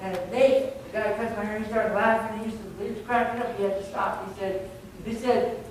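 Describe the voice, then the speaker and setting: Rambling storytelling pastor in an echoey church. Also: male voice, high-pitched, steady tone, fairly quick. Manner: chatty, rambling anecdotes with laughter. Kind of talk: sermon storytelling. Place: church sanctuary. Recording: very echoey, distant mic, noisy.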